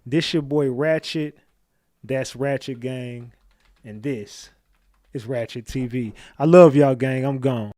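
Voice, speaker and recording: A man hosting a livestream, giving hyped, thankful shout-outs to his chat and swearing freely. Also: mid-range voice, slow pace, dry recording, studio quality. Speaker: livestream host. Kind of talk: casual livestream talk to chat.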